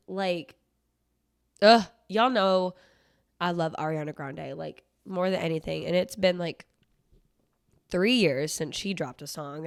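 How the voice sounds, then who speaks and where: A young woman hosts her own podcast in loose, casual chat. She rambles, swears freely and leans on "like" constantly. Her voice sits a little low, recorded close and dry. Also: vocal fry, clear, resonant tone, dry recording. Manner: rambling, profane storytelling with many "like" fillers. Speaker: podcast host.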